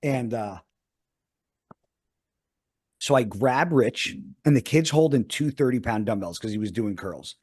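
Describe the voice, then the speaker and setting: A man's voice: mid-range voice, measured pace, long pauses, husky. A man in his forties telling a story in casual podcast chat, swearing constantly as he talks. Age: 40s. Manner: heavily profane, animated storytelling. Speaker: podcast co-host.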